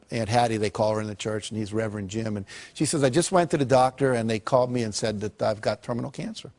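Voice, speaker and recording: Man telling stories on stage. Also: on the high side. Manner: lively storyteller who acts out quoted characters. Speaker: motivational speaker. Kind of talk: motivational talk with storytelling.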